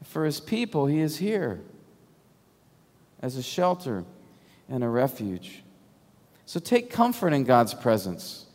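A man preaching a sermon, emphatic and full of rhetorical questions, sometimes dropping to a hush. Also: a little high. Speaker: pastor. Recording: long hall reverb.

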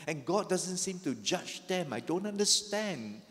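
A man's voice: high-pitched, sing-song, unhurried, a bit bright. A man preaching a sermon as a pastor, emphatic, acting out the psalmist's lament with rising energy. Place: church sanctuary. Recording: long hall reverb.

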